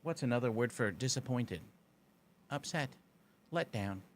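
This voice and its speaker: A man's voice: medium pitch, animated, unhurried, a little hiss or hum. A man streaming a game live, chatting casually and answering his chat with dry, sarcastic banter. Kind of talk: casual gaming commentary.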